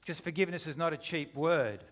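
A man's voice: a little high, a little fast. A man preaching a sermon, retelling a story with dramatic, shifting intensity. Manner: dramatic, shifting between loud and hushed.

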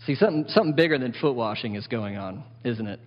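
A man's voice: medium pitch, expressive, quick pace. A man preaching a sermon as pastor, emphatic, often asking the congregation questions. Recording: dull sound with long hall reverb.

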